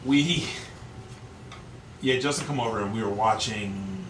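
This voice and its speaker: A man's voice: on the low side, a little slow. A man, a podcast co-host, telling a long rambling story in casual, profane talk full of restarts. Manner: rambling, profane, self-interrupting. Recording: echoey, distant, noisy room mic.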